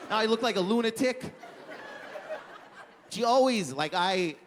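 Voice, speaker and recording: A man's voice: high-pitched, animated, a little slow, some chatter behind, slight background noise. Rambling young male stand-up comedian. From Canada. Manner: rambling, lots of "like", self-deprecating. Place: comedy club stage with audience. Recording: live comedy hall reverb.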